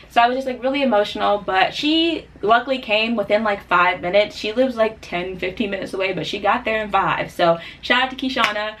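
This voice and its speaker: A young woman vlogger telling a personal story in a casual, chatty way, full of fillers, getting animated when she quotes people. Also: medium pitch, fairly quick, few pauses. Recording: voice a bit distant from the mic.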